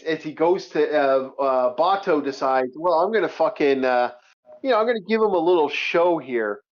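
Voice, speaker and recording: A man chatting casually as a co-host, rambling and excitable, full of restarts and swearing. His voice sits a bit high. The recording is somewhat muffled and lo-fi. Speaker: podcast co-host. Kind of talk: casual chat. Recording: muffled lo-fi audio.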